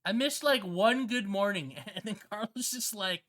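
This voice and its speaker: A streamer chatting casually with viewers on a live stream, slangy and excitable, swearing often and laughing a lot. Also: medium pitch, slow. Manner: slangy, swears a lot, keeps saying "bro". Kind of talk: casual livestream chat with viewers.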